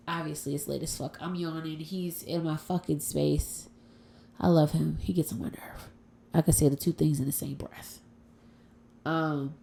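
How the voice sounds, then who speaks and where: Woman rambling on her podcast at home, blunt and swears a lot, lowish voice. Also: gravelly, dark tone. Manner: frank, profane and playful. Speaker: podcast host. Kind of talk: casual solo podcast chat.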